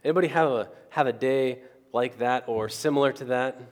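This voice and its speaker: A man with a mid-range voice speaks briskly, turning a personal story into a sermon. Chatty with the crowd, he keeps checking in with "right?" nearly every point, and the recording has a long hall reverb.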